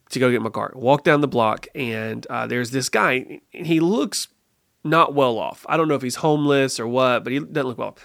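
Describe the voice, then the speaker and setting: A man being interviewed on a podcast, telling a personal story in an earnest, lively way and often restarting his phrases. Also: medium pitch, gravelly, dry recording, studio quality. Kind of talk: casual conversational storytelling.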